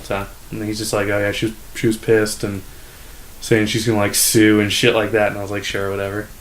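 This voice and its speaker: A young man co-hosting a comedy podcast, telling a rambling story full of "like" and acting out customers in a higher voice. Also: completely flat delivery, a little fast. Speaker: podcast co-host. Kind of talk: casual storytelling chat.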